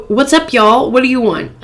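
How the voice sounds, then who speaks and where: A woman's voice: on the high side, expressive, measured pace, a little hiss or hum. A woman hosting a phone game playthrough, reading chat messages aloud in a playful, chatty way. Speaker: gaming channel host.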